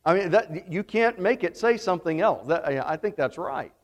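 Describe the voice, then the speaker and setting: A man's voice: high-pitched, animated, moderate pace. A man with a Southern US accent teaching a Bible study class, talking casually and putting questions to the class. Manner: conversational, asks the class questions. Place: church classroom, also streamed online. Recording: long hall reverb.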